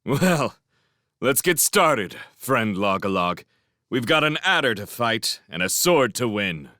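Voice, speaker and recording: A man's voice: fairly low pitch, very animated, normal speed, no room sound, studio quality. A man voicing a bold young male mouse warrior who talks bluntly and impatiently in a storybook reading. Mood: relieved, eager.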